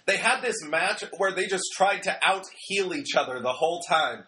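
A young man talks through a wrestling episode in a loose, rambling way, cracking jokes and slipping into quick impressions of what people said. His voice sits a little high and sounds bright and forward. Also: animated. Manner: chatty, rambling, joking, acts out quotes. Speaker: wrestling show reviewer. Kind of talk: casual recap commentary.

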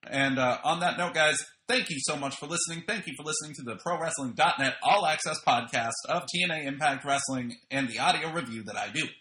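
A man's voice: on the high side, fairly quick, few pauses, bright, forceful tone, reverberant. A man hosting a podcast, giving a casual, opinionated spoken review full of slang and fillers. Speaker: podcast host reviewing wrestling. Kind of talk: casual audio review monologue.

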